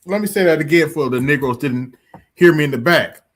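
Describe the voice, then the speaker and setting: A man's voice: on the high side, brisk. Emphatic male livestream host. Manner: emphatic, repetitive, addresses audience directly. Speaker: streamer host. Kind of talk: casual commentary livestream.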